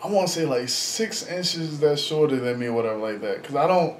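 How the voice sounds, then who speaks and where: A man in his twenties vlogs casually in a voice on the high side, expressive and fairly quick. He rambles with plenty of fillers and slang, blunt and frank. The room is echoey, with faint background noise.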